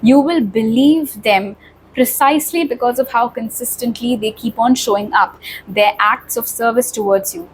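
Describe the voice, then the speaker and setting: A woman with a somewhat high voice gives a pick-a-card tarot reading, speaking directly to her viewers in a steady, reassuring way. A faint hiss sits under the recording. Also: moderate pace, poor audio. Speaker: tarot reader.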